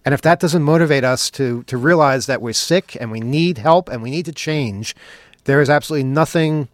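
A sarcastic male talk-show host with a fairly high voice and a dry, close recording. He fires off mock questions in a biting riff, then shifts to earnest commentary. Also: a little fast, no room sound. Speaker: podcast host. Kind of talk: opinionated talk show monologue.

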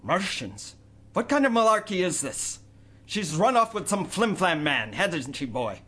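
A man doing a gruff, hot-tempered father. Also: high voice, sing-song, a little slow, bright, forceful tone, voice pushed up, full character voice. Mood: angry. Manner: gruff, accusing.

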